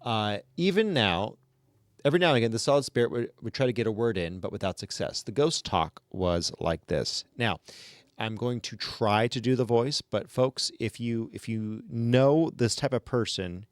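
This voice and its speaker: A man's voice: medium pitch, normal speed, no echo, clean studio sound. A man hosting a casual book discussion, talking through a chapter conversationally. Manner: conversational, with frequent restarts and fillers. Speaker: podcast host leading a book discussion.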